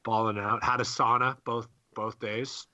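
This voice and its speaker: Young guy on a podcast, laid-back and jokey, bright lively voice, dry close sound. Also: mid-range voice, a little slow, no echo, lo-fi sound. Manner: joking, laid-back, swears. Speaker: podcast co-host. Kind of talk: casual chat.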